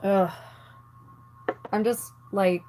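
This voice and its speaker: A woman's voice: medium pitch, steady tone, very slow, mellow, slight background noise. A woman vlogger ranting casually to the camera while doing her makeup, angry and exasperated, swearing often and filling her talk with "like". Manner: exasperated, swears a lot, filler-heavy. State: angry and annoyed.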